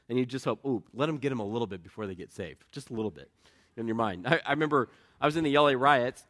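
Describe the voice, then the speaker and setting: A man's voice: mid-range voice, a bit bright. A middle-aged man preaching a sermon in an earnest, conversational way, asking the congregation questions and telling personal stories. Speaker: pastor.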